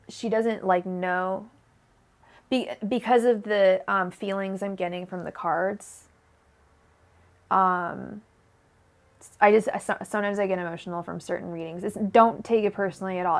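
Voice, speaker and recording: A woman's voice: fairly low pitch, gravelly. A young woman giving a live-streamed tarot reading, rambling and emotional, with many fillers and restarts. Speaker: tarot reader.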